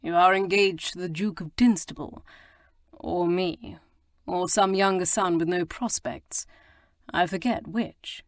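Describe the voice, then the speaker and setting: A woman's voice: fairly low pitch, steady tone, measured pace, dry recording. A woman voicing a roguish young Regency lord who teases in a drawling, mock-innocent way. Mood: teasing.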